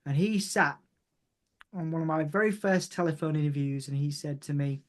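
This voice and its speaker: A man who works as a music journalist, a guest in a casual interview chat, talking in a rambling, meandering and excitable way. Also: fairly high pitch, normal speed.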